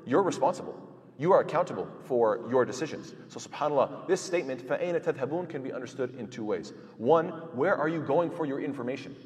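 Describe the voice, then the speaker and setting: A man teaching Quran commentary, asking rhetorical questions and reciting Arabic verses quickly. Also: a little high, a little mellow. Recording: long hall reverb.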